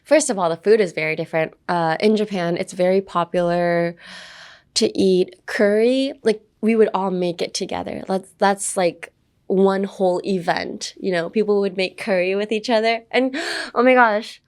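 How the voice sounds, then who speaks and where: A woman's voice: medium pitch, normal speed, darkish tone. A young woman hosting a casual podcast lesson, chatting playfully and repeating words over and over to demonstrate how they sound. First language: English. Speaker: podcast host teaching English pronunciation.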